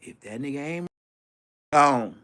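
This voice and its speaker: A man from Florida, a YouTuber, ranting casually with brash, profane talk and quick mimicry of other people. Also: medium pitch. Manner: animated, brash, swearing, mimics others' voices.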